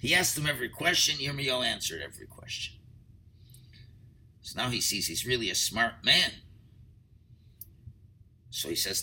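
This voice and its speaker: A man's voice: mid-range voice, animated, moderate pace, long pauses, pushed and bright, a little hiss or hum, low-quality recording. A man teaching a Torah lecture as a rabbi, explaining earnestly through stories and rhetorical questions.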